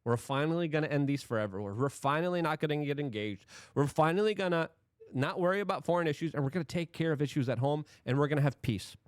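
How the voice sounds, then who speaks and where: Animated, emphatic male commentator. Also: a little high, fast, no echo, studio quality. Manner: emphatic, animated, rhetorical questions. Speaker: political commentary host.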